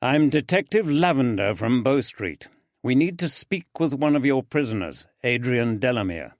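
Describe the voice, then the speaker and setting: A man doing a brisk firm detective. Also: mid-range voice, expressive, dry recording, voice pushed up, lightly acted. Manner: firm, clipped. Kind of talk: audiobook character voice. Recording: dry, slightly dull.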